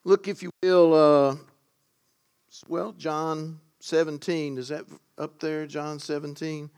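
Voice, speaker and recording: A man preaching a sermon to a congregation, driving home key words with loud stresses and breaking into casual asides. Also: fairly high pitch, little pitch movement, slow, clear, resonant tone.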